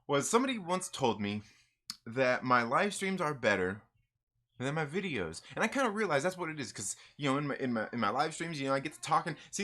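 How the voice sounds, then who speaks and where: A man hosting a comics live stream in a loose, animated way, often repeating himself. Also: a little high. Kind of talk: casual live stream chat.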